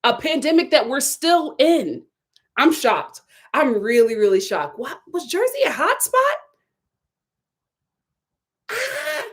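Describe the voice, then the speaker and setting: A woman hosting a casual live review of a reality TV show, animated and incredulous, repeating herself for emphasis. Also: high voice, slow, pauses often. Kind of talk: casual live recap chat.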